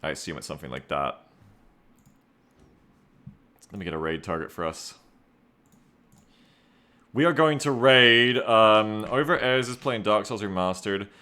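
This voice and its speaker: A man's voice: on the low side, sharp tone. A man chatting casually on his live stream, rambling, joking at his own expense and reading viewer names aloud. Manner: rambling, self-mocking, reads chat aloud.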